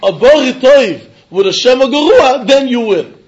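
A man teaching a Talmud lesson, talking fast and emphatically and mixing with Hebrew. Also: extremely high pitch, lively intonation, highs cut off, slight background noise. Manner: rapid, emphatic, switching between English and Hebrew. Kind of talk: Talmud lecture.

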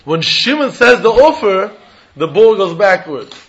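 Animated Talmud teacher with lilt. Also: male voice, high-pitched, unhurried, dull audio. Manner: sing-song study-hall explaining, acting out both sides of a deal. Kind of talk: animated Talmud class lecture.

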